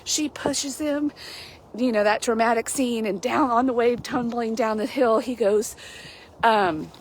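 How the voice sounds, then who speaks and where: A middle-aged woman, a Christian life coach, talking through a casual devotional livestream in a chatty, animated way with frequent laughs. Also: a little high, unhurried, slight background noise. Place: outdoors on a mild day.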